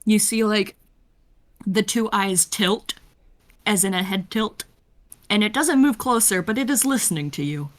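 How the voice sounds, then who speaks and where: A woman acting as game master who narrates the scene and calls for dice rolls in a relaxed, playful way. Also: medium pitch, a little slow, pauses often.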